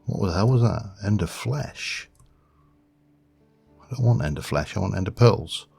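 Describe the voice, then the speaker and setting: Male game host, very deep with vocal fry, rambling and self-deprecating. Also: expressive, measured pace, darkish tone, faint music behind. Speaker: gaming video host. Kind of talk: casual game commentary.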